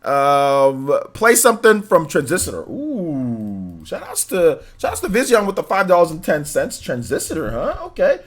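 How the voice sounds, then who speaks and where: A man's voice: high-pitched, very animated, moderate pace, few pauses. A young man hosting a livestream in casual chat, reading donations with laid-back slangy banter and frequent laughter. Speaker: livestream host.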